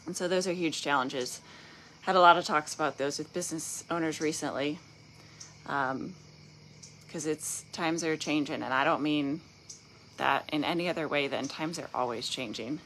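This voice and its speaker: Low-voiced Southern woman, rambling candidly. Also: moderate pace, a bit bright, a little hiss or hum. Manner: candid, rambling, self-deprecating. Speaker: painting business owner guest host. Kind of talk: casual livestream talk. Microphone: phone.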